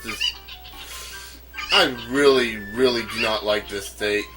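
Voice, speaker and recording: Let's-play host from North Carolina, a man; casual, stammering, chuckly commentary with lively pitch. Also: slow pace, rough recording. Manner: rambling, stammering, chuckles a lot. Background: game music.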